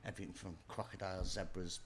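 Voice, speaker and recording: A man co-hosting a relaxed podcast, full of banter and playful swearing. He tells anecdotes in a loose, chatty way. Faint background noise runs under his voice. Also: deep voice, fast. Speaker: podcast co-host and musician. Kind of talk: casual chat.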